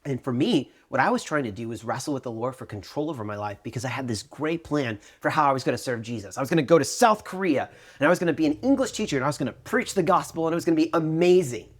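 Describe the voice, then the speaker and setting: A man in his thirties co-hosting a faith podcast, telling a personal story in a lively way and acting out what others said. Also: fairly high pitch, fast talker, few pauses. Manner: animated storytelling, acting out quoted voices. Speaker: podcast co-host. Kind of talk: conversational testimony.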